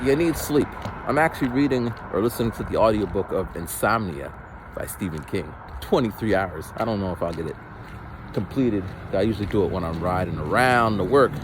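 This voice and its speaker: Man, casual rambling storyteller, lively swinging intonation, faint noise. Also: fairly low pitch. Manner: rambling, animated, many restarts, acts out voices. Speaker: vlogger.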